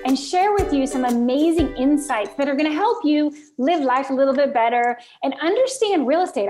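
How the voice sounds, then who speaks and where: A woman's voice: high voice, a little mellow. An exuberant woman from the Florida Keys hosting a podcast interview, talking in an exclamatory, enthusiastic way. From United States (Florida Keys). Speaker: podcast host.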